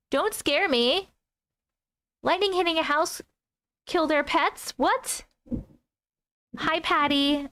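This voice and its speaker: A woman's voice: high-pitched, fairly bright tone, dry recording. A woman hosting a casual livestream at home, reading viewer comments aloud, easily spooked and laughing often. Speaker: host reading viewer stories. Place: home room.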